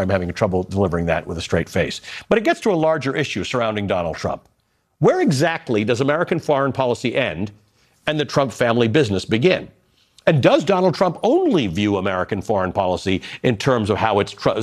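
A man anchoring a cable news show, reading quoted editorials and questioning his panel. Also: mid-range voice. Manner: lively, quotes editorials then reacts with incredulity.

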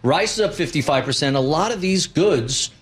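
A man's voice: a little high, animated, moderate pace. A man speaking as an investment guest on a broadcast, blunt, opinionated and wry. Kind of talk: broadcast interview.

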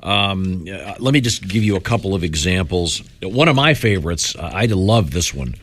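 A man's voice: deep voice, lively intonation, normal speed, a bit bright. An older man hosting a radio show in casual banter, reading listener letters aloud and chuckling.

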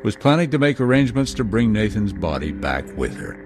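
A man reading a scripted true-crime narration in a measured way, with dramatic pauses. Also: on the low side, very animated. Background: music.

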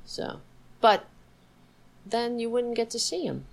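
A woman's voice: a little high, animated, slow pace, vocal fry, low-quality recording. A woman hosting a casual political livestream, sarcastic and profane, chatting to her dog between topics. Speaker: livestream host.

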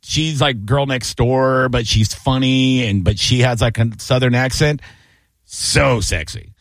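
A man's voice: measured pace, no room sound, clean studio sound. A man hosting a casual radio talk show, teasing and joking with his co-hosts. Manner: joking, teasing, loud swings in pitch.

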